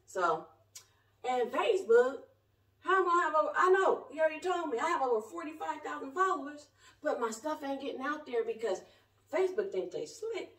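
A woman in her forties, self-styled as a prophet, preaches with fervor to a camera set well back in an echoey room of her home. Her voice sits high and sing-song, fairly quick, and she rambles in colloquial speech that jumps from shouting to soft asides.

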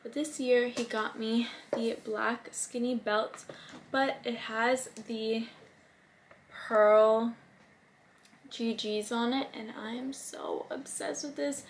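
A woman's voice: on the high side, steady tone, takes it slowly, a little hiss or hum. A woman in her twenties, talking casually and gushing about her birthday gifts, with many "likes" and "ums". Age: 20s. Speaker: vlogger. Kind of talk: casual haul vlog.

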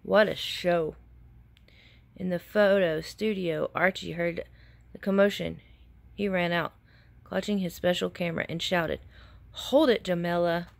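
Gravelly teacher reading a picture book. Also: female voice, lowish voice, steady tone, measured pace, long pauses. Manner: asks the children questions between pages.

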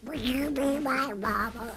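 A tiny cartoon duckling, very high and squawking, frightened and yelling. The voice leaps far above a normal speaking pitch, with music playing behind it. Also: male voice, measured pace. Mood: pleading. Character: small young male cartoon duck, frightened and plaintive.

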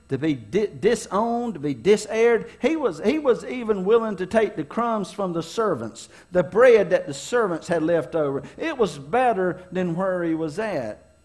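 A middle-aged pastor from preaches with a notably high-pitched man's voice. He tells folksy, funny stories from his own life, rising and dropping for dramatic effect as he draws the lesson. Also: expressive, measured pace, a little mellow. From North Carolina, US. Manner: folksy, humorous storyteller with dramatic swings in delivery. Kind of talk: storytelling sermon.

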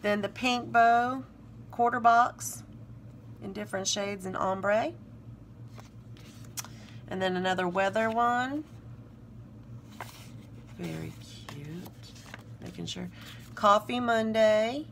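Medium in pitch and fairly bright, a South Carolina woman with a Southern accent talks slowly with vocal fry, pausing often. She casually shows off planner stickers, gushing and reading the phrases aloud, over a little hiss or hum.

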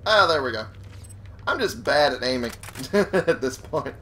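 A man's voice: medium pitch, big pitch swings, a little slow, noisy background. A man giving casual let's play commentary, swearing and chuckling to himself. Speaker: gamer.

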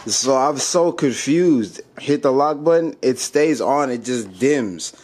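A man's voice: mid-range voice, animated, takes it slowly, darkish tone. A man vlogging a car modification, talking casually to viewers and sounding exasperated. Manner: frustrated, exasperated, laughing it off. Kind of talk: casual vlog.

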